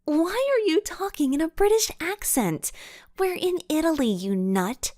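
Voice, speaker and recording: Carol, a giddy young girl sleuth as a woman narrator puts her on, talks in a high, bouncy voice that swoops all over the place and takes her time with each line. The sound is dry and close, with no room around it. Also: big pitch swings, unhurried, a little mellow, no echo. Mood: bubbly. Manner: bubbly, teasing. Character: excitable young girl detective, playful. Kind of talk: audiobook character voice.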